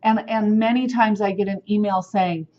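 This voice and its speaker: A woman instructor talks students through what she grades, at an ordinary middle pitch. Her delivery is direct and firm, spelling things out plainly. The recording sounds a little dull and lo-fi. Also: steady tone, normal speed, dark tone. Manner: direct, firm teacherly explaining. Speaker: sign language instructor. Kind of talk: recorded lecture on grading criteria.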